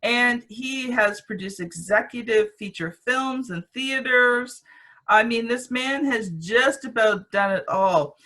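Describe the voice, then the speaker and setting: Slow, bright-voiced Canadian woman host. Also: fairly high pitch. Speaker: podcast host. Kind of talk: podcast hosting and introductions.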